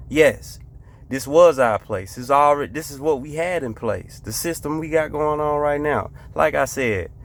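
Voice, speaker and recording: A man hosting a casual reaction video, talking emphatically and repeating rhetorical questions and catchphrases. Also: mid-range voice.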